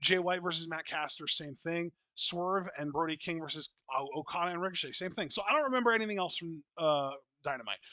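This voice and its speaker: Talking fairly quickly with few pauses, a wrestling podcast co-host chats off the cuff in a fairly high, bright and sharp voice. He swears liberally, states his opinions bluntly, and backtracks with restarts while thinking aloud. The audio is close-miked and dry, free of any echo.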